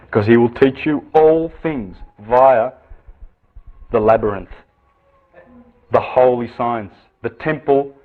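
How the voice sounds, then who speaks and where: A man giving an esoteric lecture with visual aids, lively and full of rhetorical questions and repeated phrases. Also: medium pitch. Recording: tinny phone-like lecture recording.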